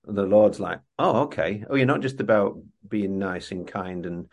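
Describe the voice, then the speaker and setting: A man with a low voice hosts an interview. He muses aloud in loose sentences, full of fillers, before he gets to his question. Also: moderate pace, creaky, darkish tone. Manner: musing, loose phrasing with many fillers. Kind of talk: interview chat.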